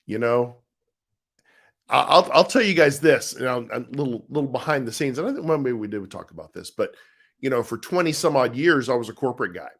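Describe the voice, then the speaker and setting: A man's voice: mid-range voice, expressive, fairly quick, a bit bright. Easygoing middle-aged man, casual live chat. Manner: easygoing, rambling, with frequent restarts and laughs. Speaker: co-host of a live chat show, husband of the author. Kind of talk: casual live-stream chat reading viewer comments.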